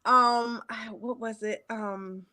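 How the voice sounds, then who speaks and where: A middle-aged woman hosts the interview in a gentle, hesitant way. Her voice sits high. She talks slowly and pauses on "um" as she looks for words. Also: fairly even intonation, no echo. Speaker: podcast host. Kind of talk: interview conversation.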